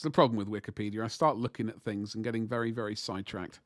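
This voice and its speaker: Talking fast in a lowish, fairly even voice, a man paints miniatures at his desk on a casual livestream. He rambles and chats with his viewers as he works, and the recording has no room sound.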